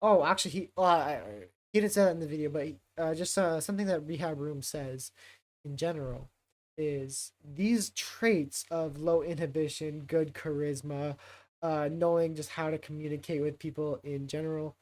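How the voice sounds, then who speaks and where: A man's voice: a little high, fairly even intonation, moderate pace. Rambling male streamer thinking aloud. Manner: rambling, thinking out loud with many fillers. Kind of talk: casual livestream commentary.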